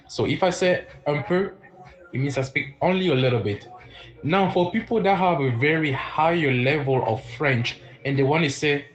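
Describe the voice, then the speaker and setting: A man's voice: mid-range voice, low-quality recording. Chatty man teaching French live. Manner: repeats words slowly and clearly, chatty, reacts to viewer comments. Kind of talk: live-streamed language lesson.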